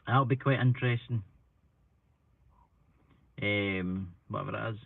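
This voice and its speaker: A man's voice: on the low side, a little slow, vocal fry, no room sound. A Scottish man chatting casually on a live stream, rambling and self-deprecating, a bit stuffy with hay fever. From Scotland. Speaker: paranormal channel live streamer. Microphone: computer mic. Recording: tinny phone-like sound, dry.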